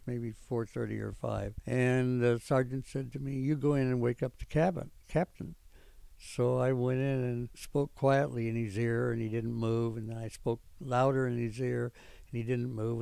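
An older man with a gravelly, mellow voice recounts his memories, stopping often with fillers as he rambles on. The sound is dry and close. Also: medium pitch, dry recording. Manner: rambling storytelling with frequent pauses and fillers. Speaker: veteran interviewee. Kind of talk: oral history recollection.

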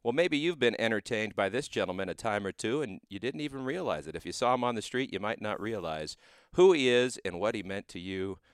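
A man's voice: on the low side, lively intonation, fairly quick, smooth, no echo, clean studio sound. A man from the United States hosting a radio interview show, earnest in manner.

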